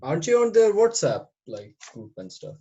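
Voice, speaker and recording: A man, a student in an online class, giving brief relaxed answers. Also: on the high side, moderate pace, dull audio. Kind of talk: casual chat.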